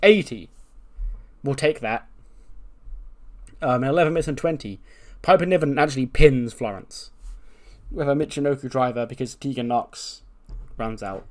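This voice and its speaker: Man, game commentary, rambling, amused, medium pitch. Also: normal speed, long pauses, a little mellow. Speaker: game streamer. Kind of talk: casual commentary on a wrestling sim.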